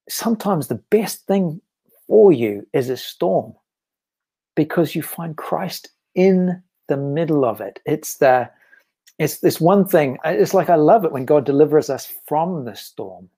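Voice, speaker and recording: A man's voice: a little high, dark tone. A man, a guest author speaking earnestly and reflectively about faith in a casual interview. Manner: earnest and reflective, with frequent restarts.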